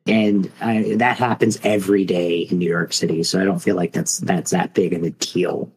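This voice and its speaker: A man's voice: low-pitched, steady tone, moderate pace, a little mellow, breathy edge, poor audio. A man co-hosting a podcast, telling a mock fight in a rambling, casual way full of fillers. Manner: rambling, filler-heavy storytelling. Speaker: podcast co-host.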